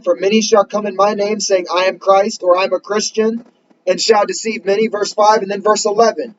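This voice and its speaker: Earnest male preacher, high-pitched, builds to emphatic questions and reads scripture slowly; muffled recording. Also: slight background noise. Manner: reads scripture slowly in King James wording. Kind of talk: sermon.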